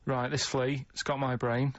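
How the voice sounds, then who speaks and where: A man explaining odd ideas in casual radio chat, earnest and deadpan, with halting restarts. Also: medium pitch, no echo. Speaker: radio show regular. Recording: dull lo-fi radio with faint hiss.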